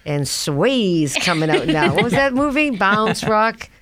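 A woman's voice: mid-range voice, big pitch swings, a little slow, fairly bright tone. A woman with a Boston accent hosting a casual talk show, brash, jokey and chatty. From Boston area. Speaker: host. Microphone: studio mic.

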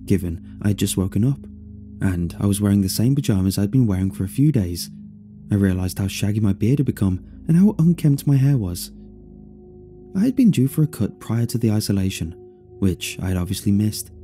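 A man narrating a first-person story in an expressive, dryly amused way. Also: fairly low pitch, brisk, soft background music.

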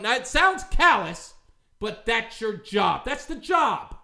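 Heated, high-pitched ranting male host. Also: very animated, slow, gravelly, bright, forceful tone. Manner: heated, confrontational, scornful. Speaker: talk show host. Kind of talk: ranting commentary.

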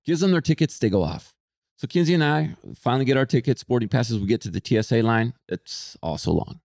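A young man on a podcast tells a story with lots of energy, swearing freely and raising his voice to play people who shout. His voice is middle in pitch. It sounds close to the mic in a dry room with no echo. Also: a little fast, creaky. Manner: animated, swearing, acts out shouting people in a raised voice. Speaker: podcast co-host. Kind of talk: casual storytelling chat.

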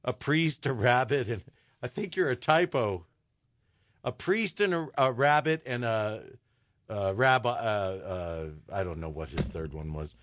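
A male radio host running a live call-in joke segment, jovial and quick to laugh. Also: fairly low pitch, expressive, fairly bright tone. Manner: jovial, laughs easily, repeats the phone number. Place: radio studio. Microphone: studio microphone.

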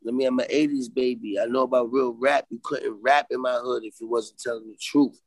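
A man's voice: medium pitch, steady tone, brisk, dry recording, low-quality recording. A man with a Brooklyn New York accent, a podcast guest on a video call, talking in a streetwise, emphatic way and keeping on asking if you follow him. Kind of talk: casual interview talk.

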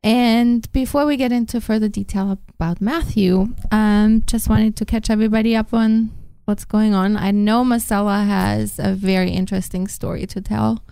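A woman hosting a casual talk show, chatty and encouraging, quick to laugh. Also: mid-range voice, fairly even intonation, vocal fry, mellow, smooth, no room sound. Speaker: host. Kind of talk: casual chat.

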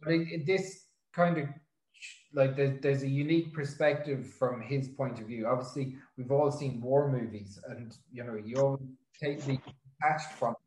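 A man's voice: medium pitch, steady tone, moderate pace, a little mellow, reverberant, poor audio. A man hosting a casual conversation, thoughtful and a little hesitant as he restarts his phrases. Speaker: podcast host. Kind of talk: casual chat.

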